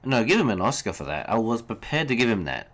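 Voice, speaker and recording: A man's voice: mid-range voice, very animated, fast talker, fairly bright tone. A young man hosting a solo sports podcast, ranting heatedly about referees, swearing and then apologizing. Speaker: podcast host.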